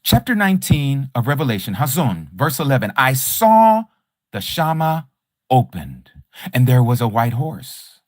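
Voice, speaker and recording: This Bible study teacher speaks in a mid-range, very animated voice, unhurried, in studio-quality sound without echo. Teaching scripture on a livestream, he's emphatic and rhetorical, repeating key phrases as he takes a combative stance against a rival teacher.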